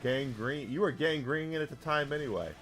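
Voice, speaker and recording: A man's voice: fairly high pitch, brisk, a bit bright. Rambling man streaming a game. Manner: rambling storyteller, lots of restarts, swearing it's true. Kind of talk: casual chat while gaming, talking to chat. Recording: faint game music underneath.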